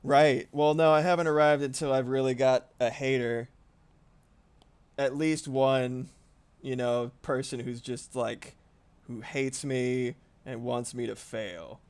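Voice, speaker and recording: A man at an ordinary middle pitch talks casually on a live stream while he draws. He rambles from one thought to the next, swears freely and laughs often. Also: steady tone, slow pace, darkish tone, clean tone. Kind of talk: casual livestream chat while drawing.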